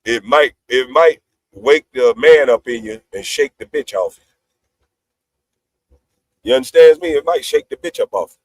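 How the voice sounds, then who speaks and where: On his livestream, a middle-aged man delivers a boastful, profane rant against his critics. He speaks a little slowly with a medium-pitched voice, pausing often, in a dry recording.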